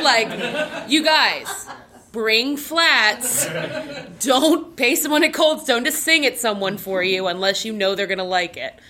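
A woman's voice: medium pitch, noisy background. A woman hosting a live storytelling night, casual and upbeat as she introduces the next teller. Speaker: host.

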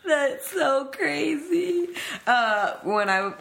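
A woman hosting a podcast, chatting casually and telling animated stories, mimicking voices as she goes. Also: high voice, extremely slow, creaky, slight background noise. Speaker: podcast host. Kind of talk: casual chat.

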